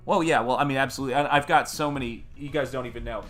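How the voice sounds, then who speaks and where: American male stream host, rambling and friendly, bright tone, faint music under him. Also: mid-range voice, steady tone, very fast. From United States. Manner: rambling, chatty, greets viewers in chat. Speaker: artist livestream host. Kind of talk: casual livestream chat.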